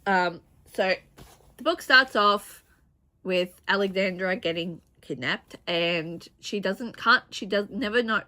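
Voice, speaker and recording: A woman's voice: lowish voice, bright, forceful tone. A young woman chatting casually about books she read, rambling with restarts and little laughs. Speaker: booktuber. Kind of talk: casual book review chat.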